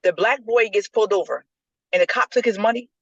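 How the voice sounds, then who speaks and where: A woman's voice: mid-range voice, fairly quick, slightly rough, dry recording. A woman co-hosting a podcast, retelling a story in casual group chat and acting out what people said. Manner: animated storyteller acting out quotes. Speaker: podcast co-host. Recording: dull lo-fi dry recording.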